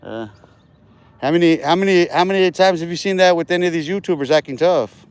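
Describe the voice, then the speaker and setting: A man's voice: fairly high pitch, a little fast, clear, resonant tone. A man livestreaming outdoors in a park while walking, talking casual street slang and boasting with profanity.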